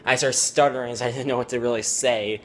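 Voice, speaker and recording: A teenage boy telling a vlog story in a downcast, regretful way, rambling and halting with many restarts and fillers. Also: medium pitch, steady tone, a little hiss or hum. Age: teens. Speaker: vlogger. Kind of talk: confessional personal vlog.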